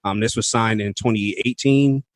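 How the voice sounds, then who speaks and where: A man's voice: on the low side, steady tone, normal speed, no room sound. A young man co-hosting a casual podcast, talking loosely with slang and filler ums. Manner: laid-back slang-heavy talk with filler ums. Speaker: podcast co-host. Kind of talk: casual chat.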